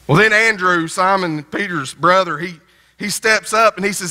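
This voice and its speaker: High, bright-voiced preacher man. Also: a little fast. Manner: folksy, conversational preaching with frequent restarts. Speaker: pastor. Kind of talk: sermon. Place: church sanctuary. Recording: church sanctuary with long reverb.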